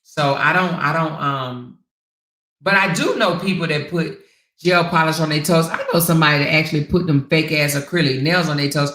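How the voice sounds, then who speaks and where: A woman hosting a casual livestream, telling stories and reading viewer comments in an animated, sassy way. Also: deep voice, moderate pace. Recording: roomy echo.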